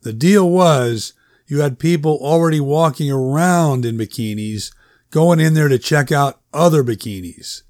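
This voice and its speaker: A man reading a story aloud in a wry, conversational way. His voice sits slightly high for a man. The recording is dry and close, with no room echo. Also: a little slow, darkish tone. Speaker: narrator. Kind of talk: audiobook narration.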